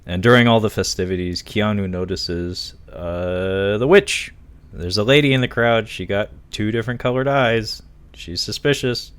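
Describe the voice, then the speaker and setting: A man with a lowish voice talks through a movie's plot in a loose, chatty way. He laughs often and drops the odd curse. His asides keep the recap casual. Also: normal speed, a bit bright, smooth. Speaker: podcast co-host. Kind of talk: casual film review chat.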